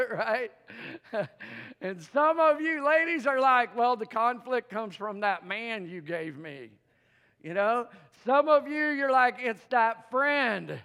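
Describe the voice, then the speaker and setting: A man's voice: high voice, fairly bright tone. A man preaching a sermon as pastor, coaxing the congregation into call-and-response and laughing often in a playful way. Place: church sanctuary. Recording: long hall reverb.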